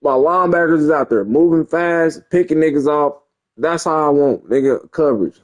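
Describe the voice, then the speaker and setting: This is casual gameplay commentary from a young man streaming his football game. His fairly high voice moves at a moderate pace as he swears, boasts and wanders from topic to topic.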